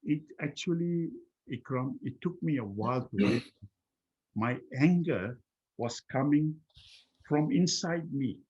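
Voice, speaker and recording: Husky-voiced man telling a personal story. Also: a little high, animated, a little mellow, highs cut off. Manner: slow, repetitive, with many restarts. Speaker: guest speaker.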